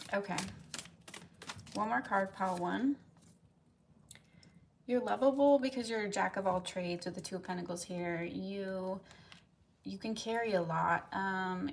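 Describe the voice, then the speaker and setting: A woman's voice: medium pitch, gravelly, slight background noise. A woman reading tarot live for viewers. She chats casually, rambles, and fills her talk with "like" and "um" as she answers comments. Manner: chatty and rambling, heavy use of "like" and "um"; reads viewers' comments aloud and answers them. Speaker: tarot reader on a live stream.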